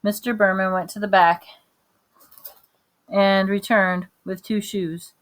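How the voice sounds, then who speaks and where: Woman, reading a children's novel aloud, plain, even storytelling, small restarts. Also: medium pitch, takes it slowly. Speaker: reader.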